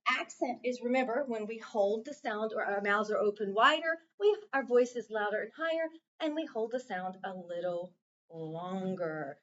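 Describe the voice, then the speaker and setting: A woman teacher in a classroom, clearly and patiently prompting her students through a reading lesson. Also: medium pitch, normal speed, fairly bright tone, lo-fi sound. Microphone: camera set up in the room.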